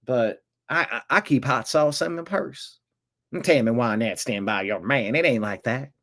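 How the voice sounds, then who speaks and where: A man's voice: mid-range voice, normal speed, a bit bright, lightly acted. A man doing an impression of a folksy woman politician in a put-on American Southern accent, rambling and correcting himself as he goes. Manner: drawling, rambling, self-correcting.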